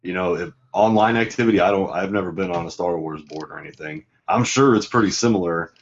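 Deep-voiced man chatting casually. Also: quick pace, slight background noise. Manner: rambling, repeats himself, imitates customers. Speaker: toy vendor. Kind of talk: casual chat. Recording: dull lo-fi sound.

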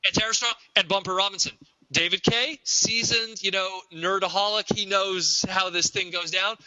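A man co-hosting a podcast, telling animated stories in casual chat. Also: sits high, moderate pace, no echo. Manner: animated storyteller, slips into quoted voices. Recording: dull, lo-fi, dry.

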